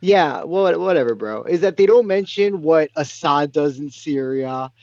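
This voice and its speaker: A man's voice: on the high side, lively intonation, a little slow, a little mellow. A male caller on a live stream, arguing in a heated, ranting way. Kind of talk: casual live-stream call-in. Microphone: remote call audio. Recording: dull, dry remote call audio.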